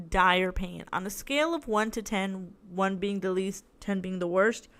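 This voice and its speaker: A young woman with a medium-pitched, slightly bright voice hosts her own solo podcast, telling a long story in a rambling, casual, chatty way. She sounds tired and is in tooth pain.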